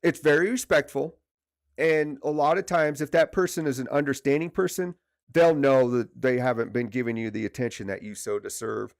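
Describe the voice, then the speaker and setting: This male leadership coach has a medium-pitched voice with vocal fry and speaks at an ordinary speed. Hosting a livestream training on leadership, he keeps things conversational and repeats words to stress them, despite a stiff neck from poor sleep. The sound is clean studio audio with no echo.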